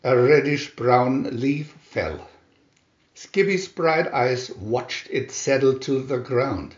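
A man reading a children's storybook aloud in a lively storytelling manner. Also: medium pitch, slow. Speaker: storybook reader. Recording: roomy, dull lo-fi home recording.

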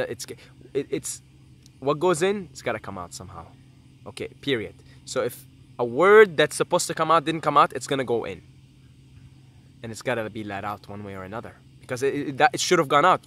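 A man's voice: mid-range voice, a bit bright. A young man talking to his camera in a casual vlog, earnest and rambling, swearing freely and drifting off on tangents. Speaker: YouTuber.

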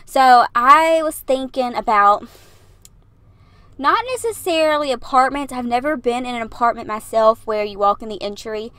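A young woman records a casual, rambling voiceover from her parked car, short of breath and laughing between thoughts. Her voice sits a little high. The sound is dry and close, with no room around it. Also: moderate pace, a bit bright, clean tone, no echo. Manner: chatty, rambling, laughs often. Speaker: YouTuber narrating a build video.

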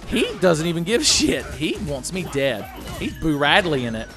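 A young man giving casual, profane commentary while playing a fighting game, often shouting his special moves. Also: on the high side, moderate pace, over music. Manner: excitable, profane, yelling move names. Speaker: let's-play commentator.

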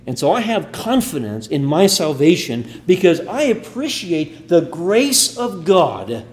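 A man preaching a sermon in a church, earnest, building emphasis then falling to quiet endings. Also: on the high side, big pitch swings, unhurried.

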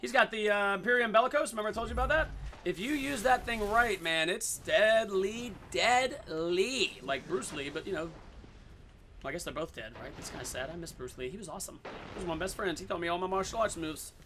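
A man giving goofy, excitable commentary over his own gameplay, swearing in silly made-up phrases. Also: high voice, fast talker, slight background noise.

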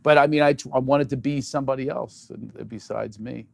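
A middle-aged man, a comedian who chats as a guest. He jokes at speed and hits his punchlines loud. His voice sits mid-range and sounds dry and close to the mic. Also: medium pitch, fairly even intonation, gravelly, no room sound. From Philadelphia, USA. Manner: quick, jokey, bursts of loud punchlines. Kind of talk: joking interview chat.

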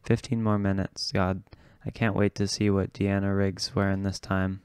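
A man's voice: sits low, level tone, normal speed, a little mellow, smooth, dry recording. A man reading the lines of an easygoing woman bartender. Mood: amused.

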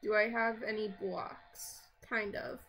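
A woman's voice: mid-range voice, fairly even intonation, slow, vocal fry, a bit bright. A woman narrating her own gameplay in casual let's-play commentary, chatting to herself, grumbling and easily startled. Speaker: gaming video creator.

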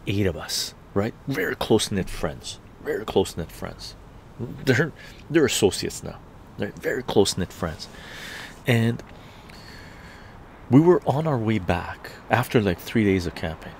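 A man's voice: on the low side, gravelly, darkish tone, a little hiss or hum. A man telling a story in a heated, profane live-stream rant. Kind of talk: ranting live-stream monologue.

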